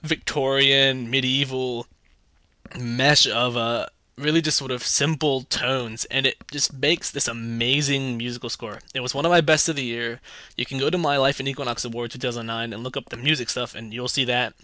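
A man's voice: medium pitch, fairly even intonation, moderate pace, sharp tone, dry recording. A young man giving a casual, chatty movie review with sarcastic asides.

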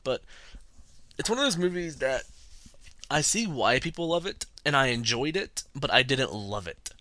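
A man's voice: mid-range voice, animated, moderate pace, pushed and bright, no echo. A man from North Carolina hosting a movie podcast, rambling and joking at his own expense. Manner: self-mocking, joking, chatty. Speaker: podcast host and movie reviewer. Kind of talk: casual rambling monologue.

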